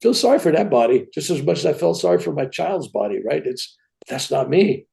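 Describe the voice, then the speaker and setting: Gravelly older man telling a story. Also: on the high side, fairly quick. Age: 70s. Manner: animated, tag questions like "right?". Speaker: guest. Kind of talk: personal storytelling.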